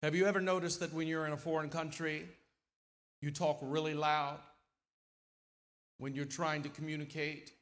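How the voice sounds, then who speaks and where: A middle-aged man preaching a sermon in a church, folksy and lively, with sudden loud, emphatic swells. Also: fairly high pitch, moderate pace, pauses often. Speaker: guest preacher. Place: church sanctuary.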